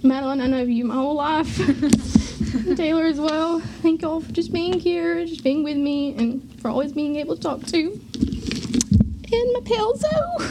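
A woman's voice: high-pitched, fairly even intonation, normal speed, heavy background noise. A graduating teenage girl, giving a heartfelt farewell speech to her church youth group, tearful and laughing through tears. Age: late teens.

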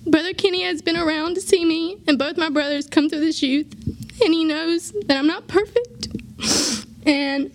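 Teenage girl, very high voice, tearful heartfelt speech, faint background hiss. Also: normal speed. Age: late teens. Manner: tearful, laughing through tears, heartfelt. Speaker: graduating youth group member giving a speech. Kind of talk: emotional farewell speech to a church youth group.

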